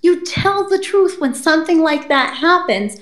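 Very high-pitched and a little slow, this woman's voice carries a roomy echo. As a podcast guest she shares a personal story in a blunt, profane, swear-heavy way, doing lively voices for the people she quotes.

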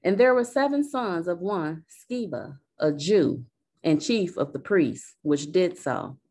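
Slow gravelly woman reading scripture. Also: lowish voice, expressive, a little mellow. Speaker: scripture reader.

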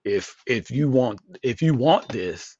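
A podcast co-host with a mid-range, slightly rough voice tells a story slowly in casual conversation. He's animated, swears a lot, and acts out quotes in shifting voices; the audio is dull and lo-fi, with no room sound.

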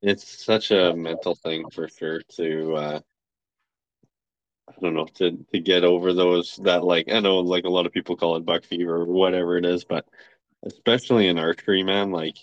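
Deep, flat-voiced laid-back male host. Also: moderate pace, no room sound. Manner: laid-back, filler-heavy. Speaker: podcast host. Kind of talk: casual interview chat. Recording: dry, dull lo-fi podcast audio.

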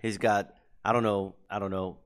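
A man with a fairly low voice hosts a casual podcast chat. He hands out big hype-man introductions and jokes loosely with his friends. He eats while he talks. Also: flat delivery, normal speed, clean tone. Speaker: podcast host.

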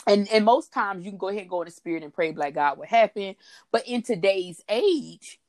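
A woman's voice: medium pitch, expressive, brisk, darkish tone, no room sound, studio quality. A woman co-hosting a faith talk broadcast, chatty and laughing often as she talks. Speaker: podcast co-host. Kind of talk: casual faith talk chat.

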